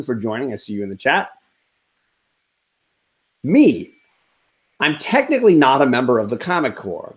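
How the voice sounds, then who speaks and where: A man hosting a casual comics live stream, chatting loosely and greeting viewers in the chat. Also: mid-range voice. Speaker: comics channel host.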